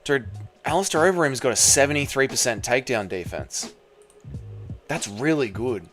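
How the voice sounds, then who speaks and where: A man's voice: medium pitch, lively intonation, moderate pace, a bit bright, faint music behind. A man with an Australian accent who streams live, chatting casually with his viewers and swearing freely. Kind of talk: casual livestream reaction chat.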